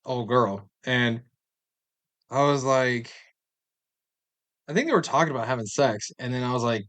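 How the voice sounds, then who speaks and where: A man co-hosting a casual podcast, telling a prank story in an animated, teasing way and laughing often. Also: medium pitch, normal speed. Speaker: podcast co-host.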